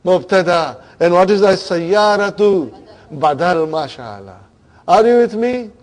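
A man's voice: high voice, animated, a little slow. A man teaching a grammar class, questioning his students and checking in with them often.

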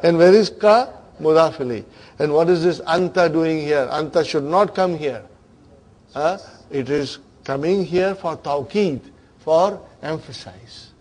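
A man's voice: on the high side, measured pace, darkish tone. A man teaching a grammar class, questioning his students and checking in with them often.

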